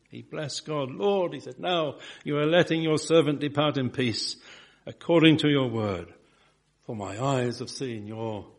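A man preaching a sermon, slow and emphatic, asking his listeners rhetorical questions. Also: mid-range voice.

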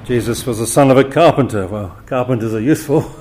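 A man's voice: medium pitch, quick pace, darkish tone. An older man preaching an expository sermon, often chuckling between points and voicing the quoted cries with drama.

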